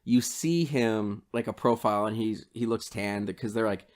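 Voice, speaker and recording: A man co-hosting a relaxed film podcast, walking through scenes he loved with plenty of laughter. His delivery is loose and chatty, an easygoing recap between friends. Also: on the low side, normal speed, hardly any pauses. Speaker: podcast co-host. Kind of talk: casual movie review chat.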